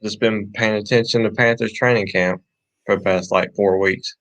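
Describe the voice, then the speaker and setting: A young man co-hosts a casual podcast with a fairly low voice. He is soft-spoken and keeps his answers short, often pausing on fillers. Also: steady tone. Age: young adult.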